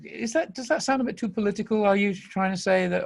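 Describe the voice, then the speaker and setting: This English podcast host with a Manchester accent talks high-pitched and a little fast, gravelly and breathy, with few pauses. He laughs a lot while rambling enthusiastically through a casual monologue.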